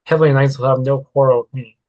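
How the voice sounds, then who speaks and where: A man's voice: medium pitch, fairly even intonation, quick pace, no room sound, muffled recording, lightly acted. A man voicing a proud, stern older man who gives orders in formal, old-fashioned speech, as he reads his own story aloud. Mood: indignant.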